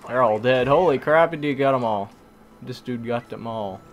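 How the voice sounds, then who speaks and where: A man's voice: medium pitch, moderate pace, slight background noise. A tired man giving rambling, casual commentary on his own gameplay, talking to himself and swapping swear words for mild ones. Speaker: gaming commentator. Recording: game audio with music underneath.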